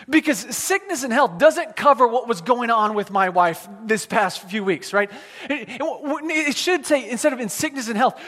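A male pastor preaches with a notably high voice, telling a personal story with self-deprecating humor. His sentences stall and restart often. The sound rings out with the long reverb of a big hall. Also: bright, forceful tone. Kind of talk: storytelling sermon.

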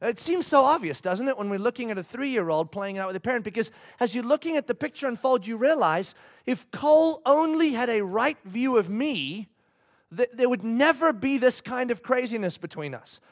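A man in his thirties preaching a sermon, telling a family story with animated, emphatic delivery. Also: very high voice, moderate pace. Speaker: pastor.

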